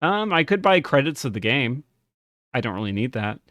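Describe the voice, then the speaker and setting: A man's voice: mid-range voice, sing-song, normal speed, a bit bright, no echo, clean studio sound. A man giving casual gameplay commentary, chatty and often laughing, reading game text aloud as he plays. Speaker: game streamer.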